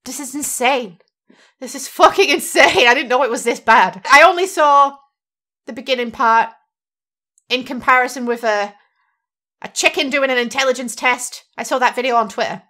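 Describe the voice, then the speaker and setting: High-voiced exasperated woman ranting. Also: normal speed, pushed and bright. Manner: exasperated, sarcastic, swearing freely. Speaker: gaming YouTuber reacting to a video. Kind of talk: casual reaction commentary. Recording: music playing clearly behind.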